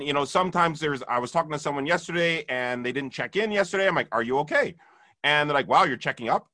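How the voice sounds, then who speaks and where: A man's voice: a little high, pushed and bright. A man hosting a casual conversation as a fitness coach, speaking eagerly and often restarting his sentences.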